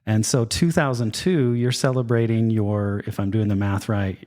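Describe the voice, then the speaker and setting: A man hosts a podcast interview from a co-working space, upbeat and chatty with light jokes. His voice is fairly low and a little mellow, with fairly even intonation at a normal speed.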